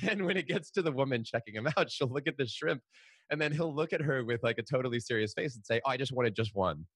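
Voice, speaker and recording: A man's voice: mid-range voice, fast talker, fairly bright tone, breathy edge, no room sound. A middle-aged man, a podcast guest and author, telling stories animatedly with frequent restarts. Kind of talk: storytelling in a podcast interview.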